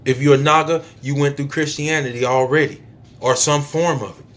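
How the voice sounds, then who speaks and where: A man delivering a spiritual preaching monologue to his viewers, emphatic and repetitive, stretching out phrases and suddenly dropping to a soft near-whisper. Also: on the high side, steady tone, a little fast. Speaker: YouTube speaker.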